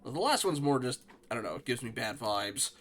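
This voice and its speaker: A man talks loosely over his game stream at an everyday mid pitch. He rambles, pokes fun at himself, and greets viewers in an easygoing way. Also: very animated, brisk. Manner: chatty, self-deprecating asides. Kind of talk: casual gameplay commentary.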